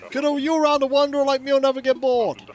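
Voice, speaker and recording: A streamer reading the lines of a chipper male frog villager who wanders from island to island, in a breezy, quick voice. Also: high-pitched, little pitch movement, darkish tone, pitched above the performer's own voice, lightly acted.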